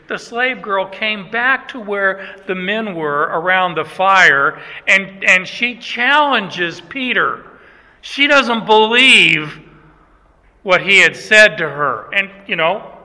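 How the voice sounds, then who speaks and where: A man's voice: sits high, sharp tone. A man preaching a sermon as pastor, folksy and self-deprecating, often restarting his sentences. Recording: echoey hall.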